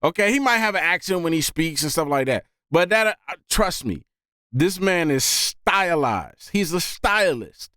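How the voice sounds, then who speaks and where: A man hosting a music reaction video, talking casually and excitedly and often saying "man". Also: on the high side, measured pace, clear, resonant tone, no room sound, clean studio sound. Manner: animated, often says "man".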